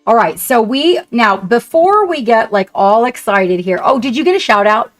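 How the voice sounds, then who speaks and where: A woman streamer chatting casually and warmly with her viewers, gushing and rambling as she paints. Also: a little high, animated, moderate pace, soft background music. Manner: chatty, effusive, talks to chat. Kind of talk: casual live-stream chat.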